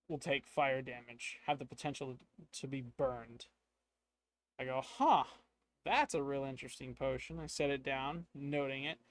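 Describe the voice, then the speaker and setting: A man narrating and playing a solo tabletop game, thinking aloud as he goes. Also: mid-range voice.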